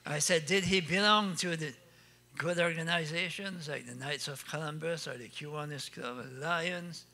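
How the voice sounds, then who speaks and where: Bright folksy Acadian French storyteller. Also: male voice, on the high side, moderate pace, creaky. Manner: folksy joke-telling, laughs at his own punchlines. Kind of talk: comic storytelling on stage.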